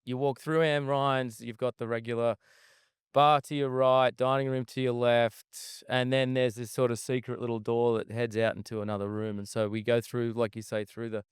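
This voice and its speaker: A man's voice: medium pitch, level tone, moderate pace, clean tone, dry recording, clean studio sound. A man, a guest chef, telling a long, profane story in a casual interview, recorded at an outdoor desert festival camp.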